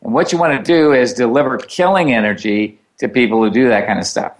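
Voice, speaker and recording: A man co-hosting a casual talk show, giving matter-of-fact, deadpan advice. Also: mid-range voice, brisk. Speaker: co-host.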